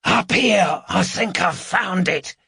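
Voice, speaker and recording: A man's voice: high voice, slow, gravelly, pushed and bright, husky, no room sound, clean studio sound, pitched above the performer's own voice, full character voice. A man voicing a tetchy, bossy male burglar who talks in a harsh hiss. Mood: tetchy, urgent. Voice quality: harsh, hissing.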